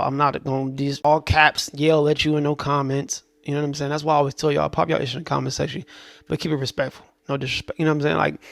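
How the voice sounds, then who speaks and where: A man hosting casual reaction commentary, talking in a laid-back, conversational way with relaxed slang. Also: medium pitch, vocal fry, no room sound. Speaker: host.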